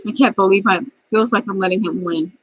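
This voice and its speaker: A woman's voice: mid-range voice, fairly even intonation, a little fast, slightly rough, no room sound, poor audio. A middle-aged woman telling a rambling, angry story about work in a vlog. She is close to tears and often restarts her sentences. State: near tears. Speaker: vlogger.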